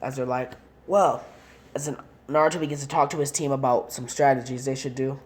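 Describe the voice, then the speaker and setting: A woman's voice: extremely low pitch, steady tone, fast, a little mellow. A woman casually narrating a fan-made story in long, rambling run-on sentences.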